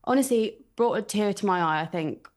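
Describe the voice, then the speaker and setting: Woman, football pundit, mid pitch, steady and thoughtful. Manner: earnest, measured analysis. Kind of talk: casual football chat.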